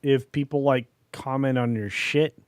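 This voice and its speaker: A man's voice: mid-range voice, steady tone, measured pace, smooth, no echo. Man, panel guest, blunt and cursing, casual banter, dry close mic. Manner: blunt, swearing. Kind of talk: casual comedic chat.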